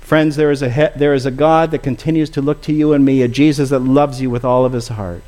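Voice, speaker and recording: A man's voice: mid-range voice, fairly even intonation, brisk, mellow, soft background music. A man preaching a sermon and leading a closing prayer, earnest and pleading, often calling his listeners friends.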